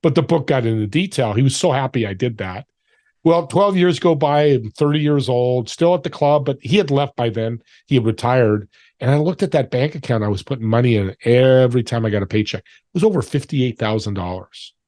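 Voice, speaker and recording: A man in his forties or older, a podcast guest telling stories in an animated way and acting out the voices of people he quotes. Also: mid-range voice, fairly quick, dry recording. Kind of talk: storytelling interview talk.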